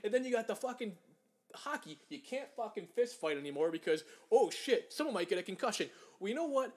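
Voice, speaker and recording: A man's voice: high-pitched, very animated, fairly quick. A young man co-hosting a casual chat, ranting angrily and profanely about sports and mocking people in put-on voices. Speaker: podcast co-host.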